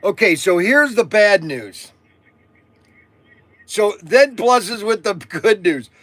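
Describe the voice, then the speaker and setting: Loud, rambling middle-aged man. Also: high-pitched, animated, takes it slowly. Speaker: toy shop owner and vlog host. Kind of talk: casual live-stream chat. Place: toy shop.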